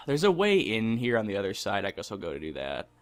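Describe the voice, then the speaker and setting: A man's voice: fairly low pitch, huge pitch swings, brisk, soft background music. A young man hosting a gaming channel, chatting casually and ranting with lots of swearing while he plays. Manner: ranting, profane, rambling. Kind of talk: casual let's-play commentary.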